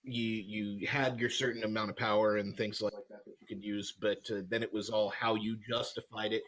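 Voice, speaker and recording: A man's voice: lowish voice, flat delivery, a little fast, a bit bright, low-quality recording. A man, a player in a tabletop game, talking in a rambling way and restarting phrases over a video call. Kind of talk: casual chat after a tabletop game.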